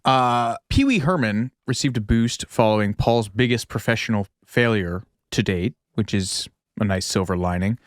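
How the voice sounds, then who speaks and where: A man's voice: fairly low pitch, moderate pace, hardly any pauses, no echo, studio quality. A man co-hosting a podcast, chatting casually and reading out facts with joking asides. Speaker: podcast co-host.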